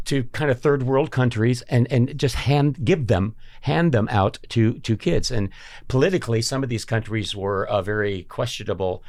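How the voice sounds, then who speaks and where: A man co-hosting a podcast interview, asking questions in a halting way with many restarts. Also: medium pitch, darkish tone. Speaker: podcast co-host.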